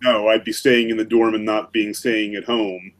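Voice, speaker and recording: A man's voice: on the low side, flat delivery, fairly bright tone. A man on a video call talking about his drawing. He hesitates often, restarting his sentences with lots of "uh"s. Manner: halting, with many restarts and "uh"s. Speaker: artist in an online drawing group. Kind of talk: casual chat while drawing. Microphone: video call mic.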